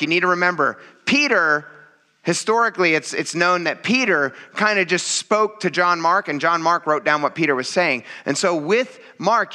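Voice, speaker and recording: Animated casual man preaching a sermon. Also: a little high. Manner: animated, acts out voices in quoted dialogue; casual, addresses congregation as "you guys". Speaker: pastor.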